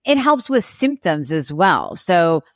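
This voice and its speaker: A woman guest expert on a podcast interview, explaining clearly and acting out little patient and doctor exchanges. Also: lowish voice, sing-song, slow, no room sound, studio quality.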